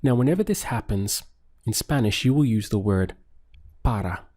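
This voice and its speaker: A man teaching a language lesson, patiently repeating phrases and pausing for the listener to answer. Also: fairly low pitch, expressive, darkish tone. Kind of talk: paced language lesson with pauses for practice.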